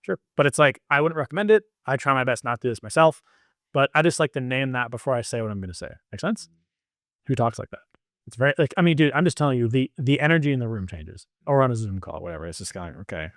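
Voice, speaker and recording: A man being interviewed as a guest on a podcast, talking in a rambling, animated way full of fillers. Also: mid-range voice, fast talker, no room sound, clean studio sound. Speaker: podcast guest, business coach. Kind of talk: casual interview chat.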